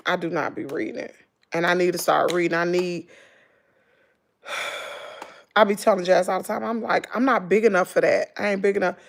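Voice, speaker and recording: This Southern vlogger, a middle-aged woman, speaks in a lowish voice with vocal fry at a moderate pace, pausing often. Chatting casually on her livestream, she animatedly relates stories, does impressions of her daughter, and addresses viewers as "girl" and "y'all."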